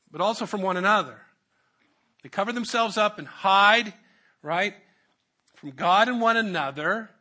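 A man's voice: sits high, bright, forceful tone. A male pastor preaching a sermon, joking with asides and repeating his key phrases.

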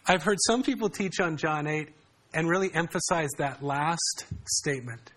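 A pastor with a fairly high, slightly bright voice preaches a conversational sermon at a moderate pace. He often puts questions to his congregation.

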